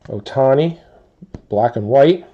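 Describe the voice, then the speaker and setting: A man hosting a live sports card break, calmly listing teams and players as he opens packs. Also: mid-range voice, highs cut off, a little hiss or hum. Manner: slow, relaxed listing of teams and cards.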